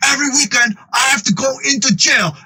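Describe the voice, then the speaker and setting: Man doing a hulking, volatile tattoo-parlor boss, screeching high and raw; anecdote impression. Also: brisk, breathy edge, exaggerated voice. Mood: furious rant. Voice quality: shrill, strained yelling. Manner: ranting, repeating himself. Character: enraged hulking male tattoo-parlor owner.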